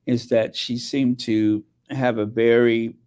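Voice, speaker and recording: A man's voice: mid-range voice, flat delivery, takes it slowly, darkish tone, clear, resonant tone. A man hosting a casual commentary channel, talking hesitantly with many fillers and restarts. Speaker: channel host.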